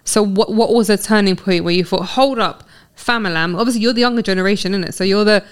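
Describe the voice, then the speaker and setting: A woman trading quick banter as a podcast guest. She teases the others and swears for effect, in a loose, conversational way. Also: mid-range voice, clean tone.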